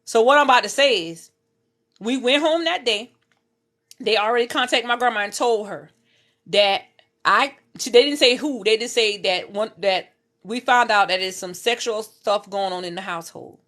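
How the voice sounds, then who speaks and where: Woman, 30s, raw personal storytelling on a phone live stream, fairly high voice. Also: normal speed, a bit bright. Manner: intense, repetitive, swears, speaks straight to viewers. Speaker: vlogger telling her life story. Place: in her bed at home.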